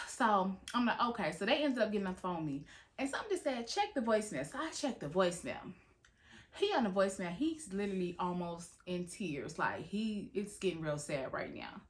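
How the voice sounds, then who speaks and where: A woman tells a storytime tale in a loose, animated way. She swears freely and plays up every twist with big reactions. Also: mid-range voice, moderate pace. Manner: animated, dramatic, heavy swearing. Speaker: storytime vlogger. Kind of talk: casual storytime.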